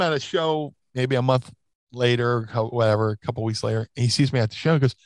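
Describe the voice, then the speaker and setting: A man's voice: medium pitch, fairly even intonation, quick pace, dry recording. A man in a casual interview, telling stories in a rambling way with many restarts and fillers. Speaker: interview guest, former wrestler. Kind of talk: casual storytelling.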